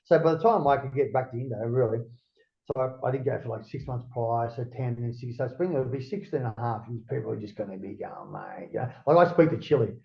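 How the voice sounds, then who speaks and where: A man's voice: medium pitch, fast talker, gravelly, lo-fi sound. An Australian man, a guest in a casual interview, rambling and swearing freely, with "mate" in nearly every line.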